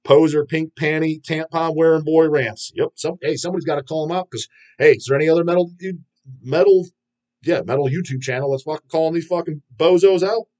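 A man's voice: on the high side, fast, dark tone. A man hosting a metal video channel, ranting in a rambling, profane and scornful way. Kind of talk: casual ranting vlog.

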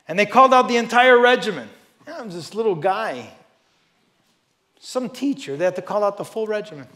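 A pastor preaching a sermon and reading scripture aloud, emphatic, moving between loud stresses and quiet asides, with conversational "you know" remarks. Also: male voice, sits high. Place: church service before a congregation.

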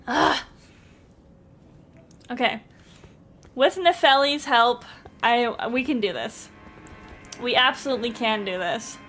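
A young woman commenting live on her own gameplay, excitable, with frequent yelps and laughs. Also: on the high side, slow pace, pauses often. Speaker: streamer playing a game. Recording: game music playing behind.

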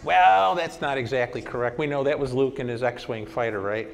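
A man's voice: medium pitch, normal speed, gravelly. Man in his sixties telling a story in a reverberant hall. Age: 60s. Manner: lively anecdotes, acting out past conversations. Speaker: conference speaker. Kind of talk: presentation talk with storytelling. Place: hall at a vintage computer festival.

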